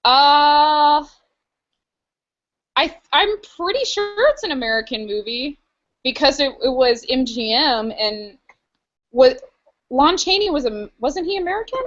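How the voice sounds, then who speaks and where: Chatty young woman co-host, slightly high voice, giggly. Muffled, dull audio. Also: expressive, a little slow, pauses often, a bit bright. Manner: chatty and giggly, full of fillers. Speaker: podcast co-host. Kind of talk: casual chat.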